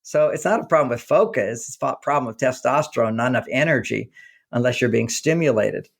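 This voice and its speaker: A man, an author being interviewed, talking casually and telling animated stories in which he acts out the dialogue. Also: mid-range voice, a little fast, creaky. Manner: animated storyteller acting out quoted dialogue. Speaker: author and guest.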